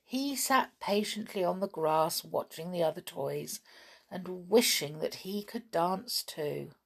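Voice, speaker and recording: A woman reads a children's storybook aloud at an unhurried pace. Her voice swoops widely through the telling, and she adds little asides to her listeners along the way. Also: lowish voice, vocal fry, husky.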